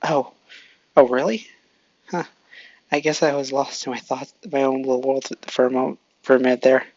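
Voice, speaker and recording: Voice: medium pitch, little pitch movement, moderate pace, a little mellow, lo-fi sound, lightly acted. A narrator doing an earnest, shy teen hero.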